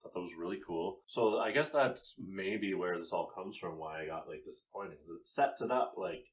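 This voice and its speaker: A man co-hosting a casual movie review podcast, talking in animated bursts, laughing often and trailing off mid-thought. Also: sits low, normal speed. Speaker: podcast co-host.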